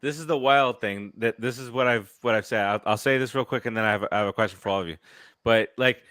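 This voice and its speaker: A man's voice: medium pitch, quick pace, a bit bright, no room sound, clean studio sound. A man co-hosting a sports podcast, rambling through a casual story with many fillers. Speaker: podcast co-host.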